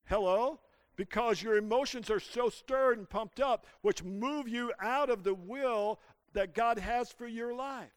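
Male pastor mid-sermon, high and smooth voice, dry close sound. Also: a little slow, no echo. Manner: preaching with call-and-response to the congregation. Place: church.

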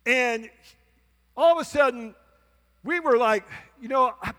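High-voiced preacher in an echoing hall. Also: male voice, unhurried, pauses often. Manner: animated, acts out both sides of a conversation; calls out to the congregation. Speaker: pastor. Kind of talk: sermon storytelling. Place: church sanctuary.

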